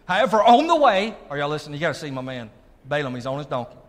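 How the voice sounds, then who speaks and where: A man's voice: a little high, very fast. Guy preaching in a big echoey church, keeps asking y'all listening. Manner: animated preacher, asks the congregation if they are listening. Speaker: pastor. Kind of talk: sermon. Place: church sanctuary. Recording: long reverb of a large hall.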